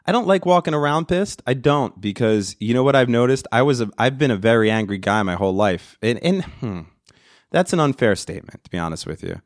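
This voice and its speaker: A man's voice: medium pitch, lively intonation, brisk, no echo, studio quality. A man in his late thirties hosting a podcast, ranting in a profane, rambling, mock-dramatic way. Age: 30s. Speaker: podcast host. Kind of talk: comedic rant. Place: studio.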